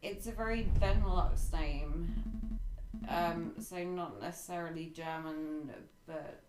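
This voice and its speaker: A woman chatting casually on a stream, playful and unhurried. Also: on the low side, music in the background. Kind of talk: casual chat.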